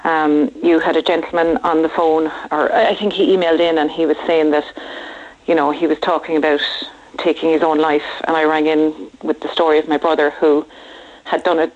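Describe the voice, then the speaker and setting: An Irish woman calling into a radio show, talking hesitantly in a shaky, emotional voice with many pauses. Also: low voice, flat delivery, darkish tone. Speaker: caller. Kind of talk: phone-in call. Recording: muffled phone line.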